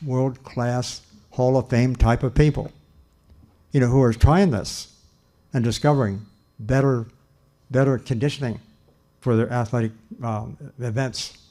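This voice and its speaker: An older man delivers a lecture in a mellow, warm voice of middle pitch. He speaks earnestly and stresses key points, repeating phrases and pausing to restart his thoughts. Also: fairly even intonation. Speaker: lecturer, nutrition scientist. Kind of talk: public lecture.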